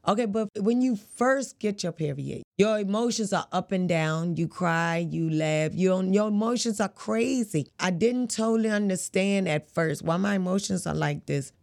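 A woman's voice: lowish voice, creaky, a little mellow. A woman, a boxer as guest, telling her life story frankly in casual, vernacular speech. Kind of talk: candid interview storytelling.

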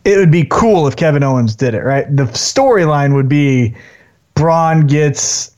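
A man co-hosting a casual wrestling podcast, talking in an animated way and briefly acting out wrestlers in put-on voices. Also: on the high side, measured pace. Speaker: podcast co-host. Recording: dull lo-fi sound.

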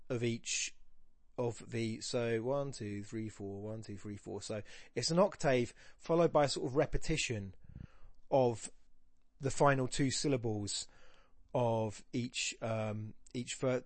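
A man who hosts a podcast and teaches, analysing a poem aloud, musing and stopping himself mid-thought and reading quoted verse slowly. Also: mid-range voice, dry recording. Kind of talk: thinking-aloud poetry analysis.

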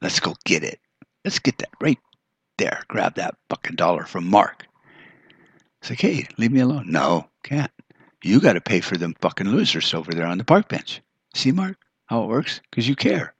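A man's voice: deep voice, very animated, normal speed, slightly rough, dry recording. A man hosting a podcast, delivering an angry, profane, sarcastic rant in a monologue. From United States. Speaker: podcast host. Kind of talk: ranting monologue.

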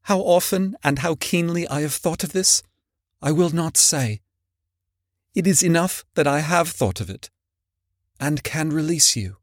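A man voicing a gentle, sorrowful young woman. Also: on the high side, measured pace, long pauses, no echo, studio quality, close to an everyday voice. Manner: soft, gentle pleading. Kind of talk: audiobook reading.

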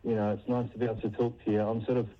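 A man's voice: lowish voice, level tone, racing, dull audio, slight background noise. A man with a New Zealand accent calling a talkback show, rambling and insistent. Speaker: caller. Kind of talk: phone-in call.

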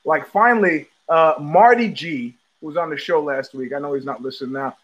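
A middle-aged man hosting his own live show from home, talking in loose digressions with frequent restarts, blunt profanity and quick laughs. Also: on the high side, lo-fi sound. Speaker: podcast host. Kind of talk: rambling live-stream monologue.

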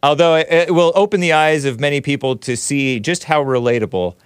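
A man hosting a call-in show, chatty and quick to laugh, often cutting himself off mid-sentence. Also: a little high, clean tone, no room sound. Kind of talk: casual call-in talk.

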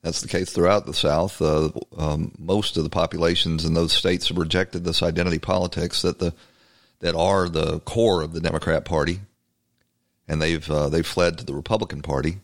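A man with a low, deep voice delivers a talk-show monologue. He is emphatic and conversational, often repeating words as he restarts a thought. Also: flat delivery, normal speed. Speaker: podcast host. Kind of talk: political commentary monologue.

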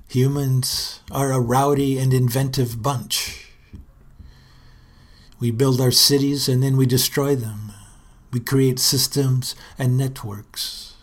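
A man giving a hushed, contemplative literary reading, with faint music behind him. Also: medium pitch. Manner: slow, hushed, contemplative delivery. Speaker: essay reader.

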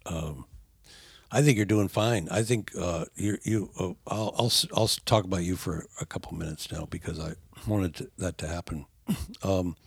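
Older father, podcast guest, low gravelly husky voice, halting then animated, dry close sound. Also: no room sound. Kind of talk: casual podcast conversation.

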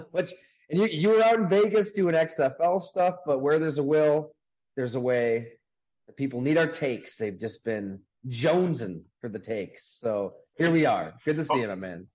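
A man's voice: on the high side, animated, a little mellow, muffled recording. Upbeat male podcast host, chatty. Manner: upbeat, talky, quick asides. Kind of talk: casual sports podcast chat. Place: sports bar. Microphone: video call.

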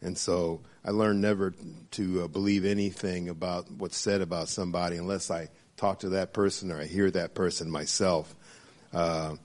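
Low voiced guy reflecting out loud, lots of ums and pauses. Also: little pitch movement. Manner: halting, many pauses and fillers. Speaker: church small-group member. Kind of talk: casual reflective sharing.

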